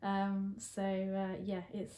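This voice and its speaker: A woman with an English accent chatting casually, laughing often and filling pauses with ums. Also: medium pitch, monotone, mellow, echoey room. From England. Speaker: guest. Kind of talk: casual chat.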